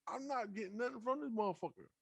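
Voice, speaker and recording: Profane, animated young man telling stories. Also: very high-pitched, fast talker, vocal fry, breathy edge, dry recording. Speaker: podcast host. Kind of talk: casual storytelling.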